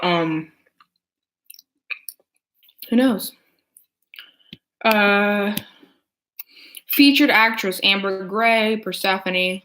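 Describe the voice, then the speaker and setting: A woman's voice: medium pitch, a bit bright, slight background noise. A young adult woman chatting casually as a vlogger, rambling with lots of filler words while she eats. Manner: eating while talking. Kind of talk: casual chat.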